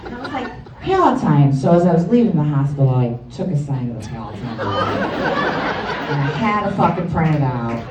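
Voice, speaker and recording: Giving a joking, foul-mouthed eulogy for her best friend, this Chicago-area woman speaks bluntly at normal speed in a low voice with wildly swooping pitch. The audio is very noisy, recorded from a distance in a large, echoey hall full of people.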